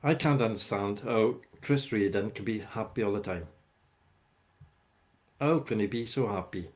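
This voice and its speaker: Rambling low-voiced man chatting live. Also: unhurried, a little mellow. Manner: rambling, chatty, talks to viewers by name. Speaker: livestream host chatting with viewers. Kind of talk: casual live chat.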